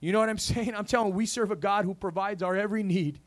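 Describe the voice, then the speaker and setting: A man's voice: sits high, fast talker. A man preaching a sermon in a church, punctuating with a call of "amen?" and a rising preacher cadence. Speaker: pastor.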